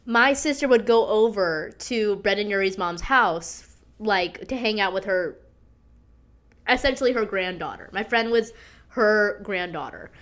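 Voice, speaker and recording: A woman's voice: medium pitch, a little slow. A young woman hosting a podcast, chatting through a story in a dramatic, gossipy way, full of "like", swearing and bursts of laughter. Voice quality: animated, breaks into laughter and squeals. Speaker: podcast host. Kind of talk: casual storytelling chat.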